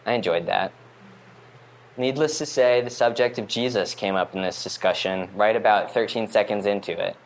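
A man's voice: on the low side, normal speed, a little hiss or hum. A man performing a first-person monologue in a wry, rambling, conversational way. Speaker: storyteller.

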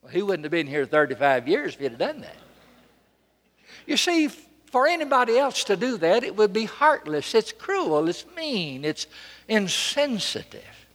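A man preaching a sermon from a church pulpit, dramatic and emphatic, repeating phrases and swinging between loud and soft. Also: high-pitched, very animated, a little slow, big-room sound.

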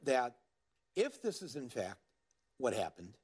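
A man speaking earnestly as a guest in a televised interview, halting and repeating words as he goes. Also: mid-range voice, sing-song, a little mellow, breathy edge.

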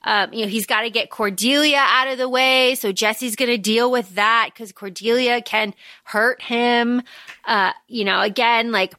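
A woman co-hosting a book podcast, talking in a high and bright voice. She recaps the plot in an animated, loose way, with plenty of fillers. The sound is dry and close. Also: a little slow, no room sound. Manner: animated recapping, filler-heavy, swears casually. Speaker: podcast co-host. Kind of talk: casual book-discussion chat.

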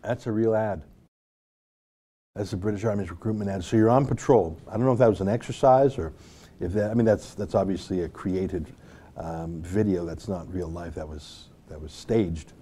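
A man's voice: sits low, moderate pace, dark tone, husky. A man from North America hosting an online show, giving rambling, sarcastic casual commentary with many asides.

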